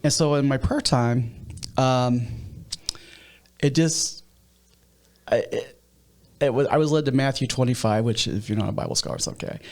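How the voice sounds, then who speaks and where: A man with a Midwestern American accent talks through his story as a guest on a podcast. He is a pastor, and his voice sits at a middle pitch. He talks in an unhurried way and often restarts his sentences. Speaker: nonprofit leader and pastor. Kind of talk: interview conversation.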